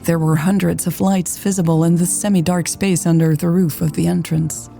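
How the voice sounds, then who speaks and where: A woman narrating a romance story in a steady, unhurried scripted reading. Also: fairly low pitch, gravelly, soft background music. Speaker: audiobook narrator.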